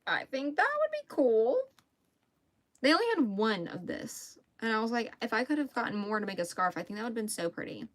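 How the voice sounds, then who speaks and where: A woman's voice: fairly high pitch, very animated, fairly quick, fairly bright tone, no room sound. A young woman with a Southern US accent chatting casually on a crochet livestream, reading out viewer comments and laughing easily. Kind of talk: casual live chat.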